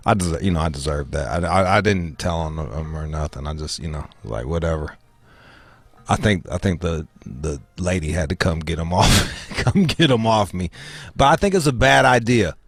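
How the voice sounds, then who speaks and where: Man, talk show host, profane, animated, laughs a lot, dry close sound. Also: deep voice, moderate pace, no echo. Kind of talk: casual talk show chat.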